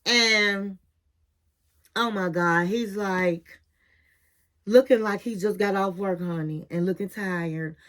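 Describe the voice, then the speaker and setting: A woman's voice: mid-range voice, takes it slowly, pauses often. A woman giving a casual, chatty recap of a reality TV episode, telling it with sass and calling her listeners honey and girl. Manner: sassy, animated storytelling, calls viewers honey and girl.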